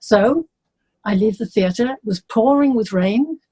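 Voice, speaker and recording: An older English woman, a singer being interviewed, telling stories in a lively way and acting out the people she quotes. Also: fairly high pitch, unhurried, slightly rough. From England. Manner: animated storyteller, acts out the people she quotes. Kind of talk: casual storytelling.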